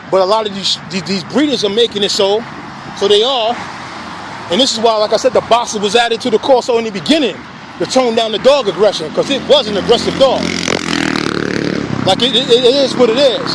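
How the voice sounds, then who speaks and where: A man's voice: very high voice, background noise. A man who breeds dogs, talking in a casual, emphatic rant full of profanity and repeated fillers. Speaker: dog breeder.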